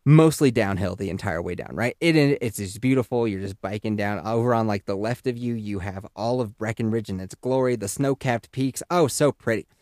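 A young man telling a comedic story on a podcast, animated, swearing and laughing at his own story. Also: fairly low pitch, moderate pace, few pauses, no echo, clean studio sound. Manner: exaggerated voices for quoted people. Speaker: podcast host.

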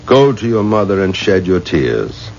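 An animated doting father. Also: sits low, measured pace, vocal fry, a little hiss or hum, full character voice. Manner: fatherly, expressive. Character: middle-aged father, doting and anxious. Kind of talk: radio drama acting. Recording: dull lo-fi radio play with music.

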